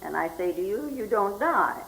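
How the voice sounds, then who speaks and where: An older woman, a Zen teacher, giving a slow, reflective spoken talk and often asking "hmm?" as she goes. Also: medium pitch, very animated, creaky, a bit bright, low-quality recording. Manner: slow and reflective, with frequent questioning "hmm?" asides.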